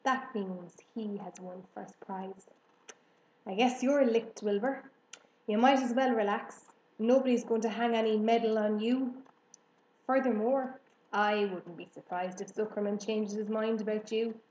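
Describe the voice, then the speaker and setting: A woman doing a husky, bloated old rat. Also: medium pitch, fairly even intonation, unhurried, mellow, roomy sound, lo-fi sound, a little hiss or hum, natural voice. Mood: sneering. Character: gluttonous bloated male rat, sneering.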